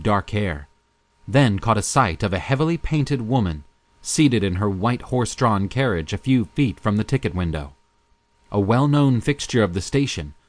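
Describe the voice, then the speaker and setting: A man reading an audiobook in measured, even scripted narration. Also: lowish voice, no room sound.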